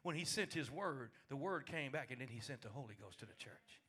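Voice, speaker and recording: A man's voice: medium pitch, fairly quick, husky. A man preaching a midweek sermon as pastor, telling funny stories with acted-out voices and laughter in a folksy, colloquial way. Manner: animated storytelling with laughter and acted-out quotes.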